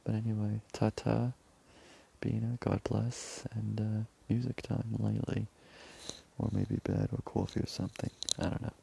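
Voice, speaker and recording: Deep gravelly man rambling casually. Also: fairly even intonation, normal speed, warm tone, a little hiss or hum. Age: 30s. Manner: rambling storytelling, quoting others. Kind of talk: casual monologue.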